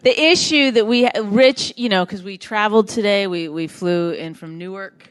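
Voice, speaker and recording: A woman co-hosting a live comedy podcast, chatty and quick to laugh at herself. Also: medium pitch, clear, resonant tone. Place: live podcast stage before an audience.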